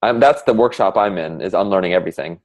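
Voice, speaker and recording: A man in a casual heartfelt conversation, speaking reflectively and haltingly with many fillers. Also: low voice. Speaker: conversation partner sharing reflections.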